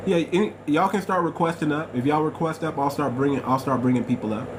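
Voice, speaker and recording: A man hosts a live stream in a slightly raised voice, repeating his points with lecturing emphasis. An air conditioner hums clearly behind him. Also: a little high, quick pace, noisy background.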